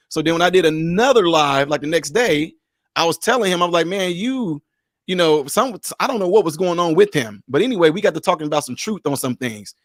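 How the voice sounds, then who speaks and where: A man hosting a livestream, telling stories in a lively, casual way and laughing often. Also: fairly high pitch, brisk, no room sound, clean studio sound. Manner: animated storyteller, laughs often. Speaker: livestream host.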